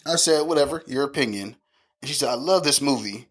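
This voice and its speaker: A man around thirty, a podcast co-host, casually telling profane, animated stories about his family and often laughing. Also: medium pitch, brisk. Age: 30s. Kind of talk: casual chat.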